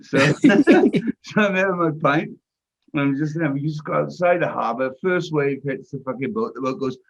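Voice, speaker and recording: An older man hosting a casual chat, telling a loud, profane anecdote with lots of energy. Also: a little high, moderate pace, gravelly. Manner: profane, animated anecdote-teller. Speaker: host. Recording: dull, lo-fi audio.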